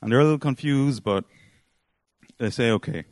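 A man's voice: medium pitch, moderate pace, a little mellow, no room sound. A man preaching a sermon, retelling a story in a rambling, casual way with frequent fillers.

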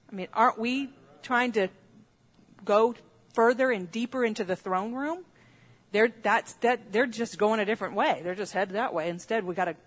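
A woman's voice: medium pitch, husky. A woman who teaches on dreams, telling a story in a sermon in a chatty way, with restarts and laughs.

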